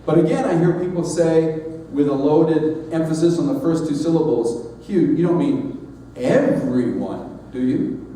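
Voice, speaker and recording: A middle-aged man giving a sermon-style address as leader of a society, speaking in a measured, earnest way with emphatic pauses. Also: fairly high pitch, mellow, slight background noise. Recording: echoey hall, mic at a distance.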